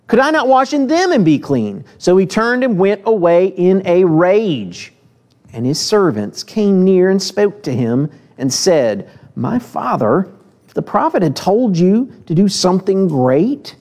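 A man preaching a sermon in a church, reading scripture with lively acted voices and then talking plainly to the congregation with direct questions. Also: high voice. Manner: asks the listeners direct questions.

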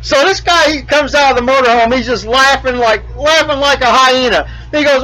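A man's voice: very high voice, fairly quick, hardly any pauses, bright, forceful tone, poor audio. A man hosting a homemade RV show, chatting casually and telling a joke, with many fillers and restarts. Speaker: host of an RV show. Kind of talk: casual rambling chat.

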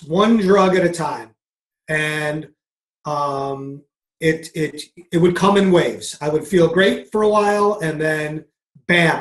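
Earnest middle-aged man in a roomy echo. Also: on the high side. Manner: earnest, re-enacts conversations in quotes. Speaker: podcast guest, mindset coach. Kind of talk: personal storytelling in an interview.

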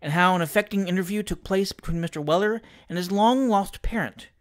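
High-voiced male novel narrator. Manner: measured, expressive storytelling. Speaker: audiobook reader.

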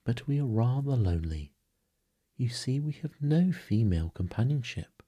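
A man voicing a good-natured, cocky young boy in a bedtime storybook reading, speaking softly and half-whispered. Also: deep voice, fairly even intonation, a little slow, slightly rough. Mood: cunning.

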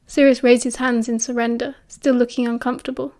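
A woman with a British accent reading an audiobook in an even, measured way. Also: fairly high pitch. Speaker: audiobook narrator. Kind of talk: audiobook narration.

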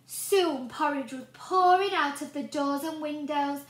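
A woman's voice: sits high, slow pace. A woman teacher reading a storybook aloud to young children and asking them questions along the way. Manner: animated, asks the children questions. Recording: roomy echo.

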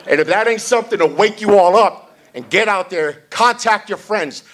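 A man's voice: sits high, fairly quick. A man chairing a party event, giving a blunt, salty, off-the-cuff rally speech.

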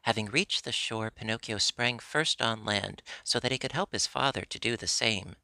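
Gravelly man narrating a storybook. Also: fairly low pitch, normal speed, bright, forceful tone, no room sound. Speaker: audiobook narrator.

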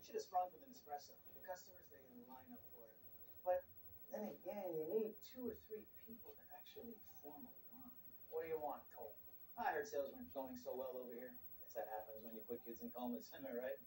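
A sarcastic rival car dealer, played by an actor mocks his competitor with smug ease. His tone is dark and mellow. The sound is roomy and distant, with a faint hiss. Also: mid-range voice, brisk, natural voice. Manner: mocking, sarcastic.

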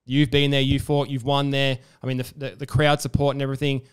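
A man's voice: medium pitch, little pitch movement, fast talker, clear, resonant tone. A young man hosting a sports podcast, chatty and enthusiastic, with lots of fillers. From Australia. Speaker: podcast host. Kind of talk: casual sports interview.

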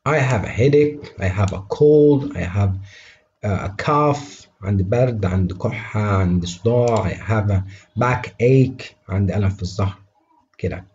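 Guy teaching english, says phrases slow then translates fast, a bit low, faint hiss behind. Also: a little mellow, highs cut off. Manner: models each English phrase slowly and clearly, then translates it quickly into Arabic. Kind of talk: English vocabulary lesson.

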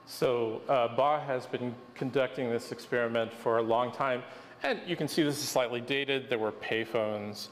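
A man's voice: medium pitch, moderate pace. A man, a professor, explaining ideas in a wry, explanatory way during a lecture discussion. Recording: reverberant hall, faint noise.

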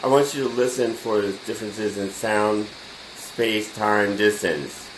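A DJ and music production teacher gives a casual spoken lesson on audio basics from his home studio, a room with a computer. He's laid back and chuckles often, his voice fairly low, steady in tone, and measured in pace. The recording carries roomy echo and faint noise.

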